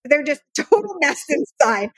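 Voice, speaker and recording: A bubbly woman in her thirties talks earnestly and with feeling as a podcast guest. Her voice sits on the high side. The sound is dry and close. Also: sing-song, measured pace, no room sound. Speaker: nonprofit founder, podcast guest. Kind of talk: casual interview chat.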